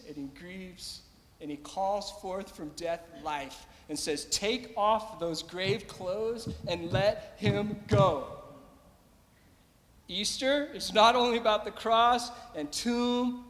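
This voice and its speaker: A man's voice: high-pitched, fairly bright tone, in a large hall. A man preaching a sermon as pastor, emphatic and repeating his phrases, calling out to the congregation.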